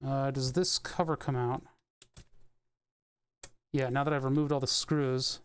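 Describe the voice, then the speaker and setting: A man's voice: mid-range voice, little pitch movement, unhurried, clean tone. A young man thinking aloud and swearing casually while he streams a car electronics repair. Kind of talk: casual live-stream commentary.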